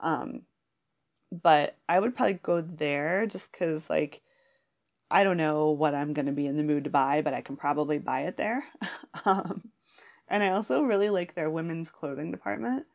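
Giggly, rambling woman with a gravelly voice. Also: sits low, moderate pace. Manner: giggly, rambling, many fillers and restarts. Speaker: guest answering questions. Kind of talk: casual chat.

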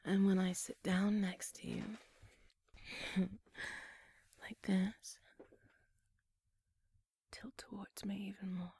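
A young woman performing an ASMR role-play whispers coaxing, teasing directions, breaking into soft little laughs. Her medium-pitched whisper is very airy and mellow with a faint gravelly edge, and she speaks in a level tone, extremely slowly, lingering over each word with long pauses. There's no room sound.

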